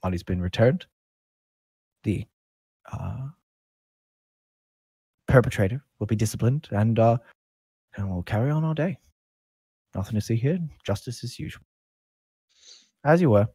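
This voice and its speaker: A man voicing a male captain of the guard who speaks with smooth, falsely polite officiousness. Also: lowish voice, animated, unhurried, pauses often, dark tone, no echo, heavily acted. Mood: officious.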